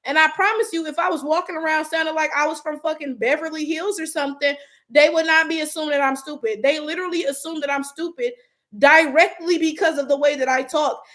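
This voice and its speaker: Young detroit woman w/ aave accent, high voice, blunt and cussing, reading comments on her stream. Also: a little fast. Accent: African American Vernacular English, Detroit. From Detroit, USA. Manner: blunt, profane, animated. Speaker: YouTube host reading comments. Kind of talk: casual livestream commentary.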